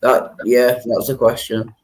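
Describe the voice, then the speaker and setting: A man's voice: medium pitch, level tone, measured pace, darkish tone. A man hosting a livestream chat, laid-back and chuckling often. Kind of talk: casual chat.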